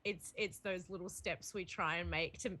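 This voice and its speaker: A woman's voice: fairly low pitch, steady tone, normal speed, sharp tone. A woman chatting casually on a panel, laughing often and acting out little quoted voices. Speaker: player on the show.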